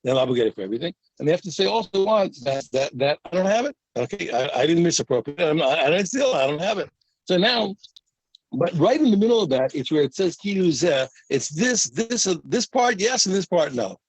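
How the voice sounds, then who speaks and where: A man teaching a daily Talmud page in a slightly high, husky voice. He explains each case by acting out both sides of the argument, often repeating words as he goes. The recording is dry and close. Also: sing-song, brisk, no room sound, rough recording. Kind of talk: daf yomi Talmud lesson.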